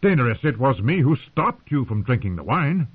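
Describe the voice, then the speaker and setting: A man's voice: medium pitch, sing-song, moderate pace, slightly rough, pitched above the performer's own voice. A man reading aloud, voicing a big, proud exiled knight who defends himself and pleads, heard through narrow phone-like sound. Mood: insistent.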